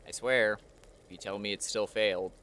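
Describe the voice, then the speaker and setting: A man's voice: fairly low pitch, steady tone, normal speed, bright, forceful tone, a little hiss or hum. A man giving casual let's-play commentary, chatting to the game character and mocking himself as he plays. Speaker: streamer playing a video game.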